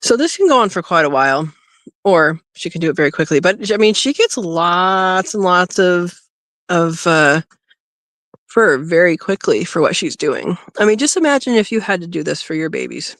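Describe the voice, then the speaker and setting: Outdoors beside a rabbit hutch, a woman hosts a homesteading livestream recorded on a phone. Her voice is fairly low and fairly bright, expressive, at a moderate pace, with a dry, studio-quality sound. She chats casually, talks sweetly to her rabbit in coos and laughs a lot.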